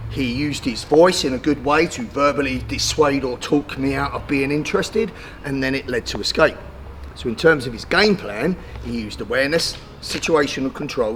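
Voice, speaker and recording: A middle-aged self-defence instructor explains his methods in a blunt, no-nonsense way, cursing now and then. His voice sits at an ordinary pitch, with faint noise in the background. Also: a bit bright. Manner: blunt, swears casually. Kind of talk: instructional talk.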